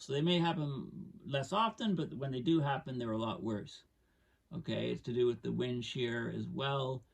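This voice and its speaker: Guy with a gravelly voice talking through charts, lots of um and you know, sits back from the mic. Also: mid-range voice, distant mic. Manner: thinking aloud, frequent fillers, animated emphasis. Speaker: climate science commentator. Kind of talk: casual explainer talking over charts.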